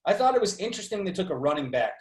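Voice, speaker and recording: A man's voice: high-pitched, sing-song, racing, echoey room, poor audio. A man who works as a sports reporter, a guest in a casual chat, talking in an easygoing, rambling way. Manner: easygoing, rambling, laughs often.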